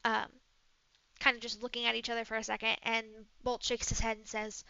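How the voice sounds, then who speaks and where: A woman's voice: fairly high pitch, completely flat delivery, a little fast, vocal fry, bright, forceful tone, clear, resonant tone, no room sound. A woman game master casually narrating a tabletop role-play game. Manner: casual narration with fillers and restarts. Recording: dull lo-fi mic.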